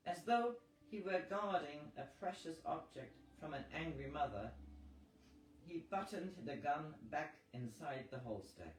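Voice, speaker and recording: Slow-reading man in a roomy space. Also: a little high. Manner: slow, measured reading with occasional slips. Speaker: audiobook reader. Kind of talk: novel read aloud. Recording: roomy, distant mic with faint noise.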